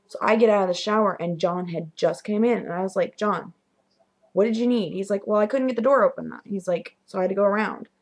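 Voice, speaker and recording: A young woman casually telling her own ghost stories to the camera in a vlog, animated, dropping to whispers at the spooky moments. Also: medium pitch, a little fast. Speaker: vlogger. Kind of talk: casual storytelling.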